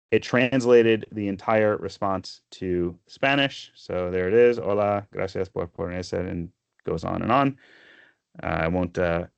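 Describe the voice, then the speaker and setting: A man walking through a software product demo, explaining each step steadily with frequent fillers. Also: sits low, no room sound.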